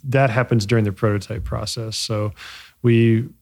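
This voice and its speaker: Man, low gravelly voice, flat delivery, halting reflective interview answers. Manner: halting, many fillers and restarts; reflective, searching for words. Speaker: bike company co-founder. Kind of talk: casual interview.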